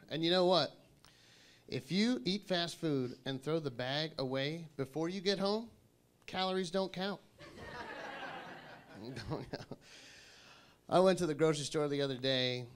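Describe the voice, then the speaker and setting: A man performing a stand-up set, telling punchy stories and slipping into quick impressions. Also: a little high. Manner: punchy storytelling, animated impressions of people. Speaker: stand-up comedian.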